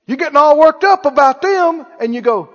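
A man's voice: extremely high pitch, fairly quick, fairly bright tone. A man preaching a sermon to a live congregation in a church, emphatic, repeating key phrases and asking the listeners whether they hear him. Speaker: pastor. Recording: echoey hall, dull lo-fi sound.

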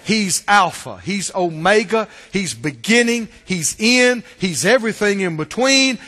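A man preaching a sermon, his delivery swelling into emphatic shouts and dropping to hushed asides. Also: sits high, lively intonation, a little slow, few pauses. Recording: long hall reverb.

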